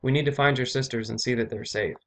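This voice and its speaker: Stern commanding earl, loud and firm, read by a male narrator. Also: medium pitch, steady tone, fast talker, natural voice.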